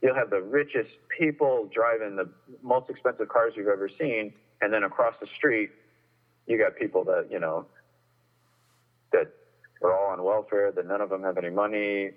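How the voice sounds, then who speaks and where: A man's voice: on the low side, fairly even intonation, normal speed. A man calling in, talking casually and rambling with many restarts as he complains. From Northern California. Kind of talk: casual chat. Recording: tinny phone line.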